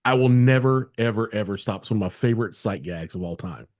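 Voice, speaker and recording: A man hosting a podcast in casual chat, enthusiastic and quick to swear. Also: on the low side, a little mellow. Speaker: podcast host.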